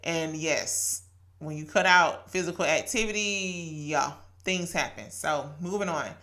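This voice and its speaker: Deep-voiced with a sharp tone, a woman aged somewhere in her late 30s to 40s speaks at a measured pace on her podcast. Her devotional talk is sincere and conversational, punctuated by laughs and quotes from scripture.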